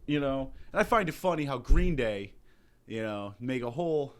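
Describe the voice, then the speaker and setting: A young man tears through a satirical comedy rant, his pitch leaping all over as he swears and feigns outrage. He sounds hungover, sometimes dropping low and grumbling before shouting again. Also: lively intonation, normal speed. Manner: loud, profane, mock-outraged ranting with exaggerated impressions. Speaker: comedy podcast host.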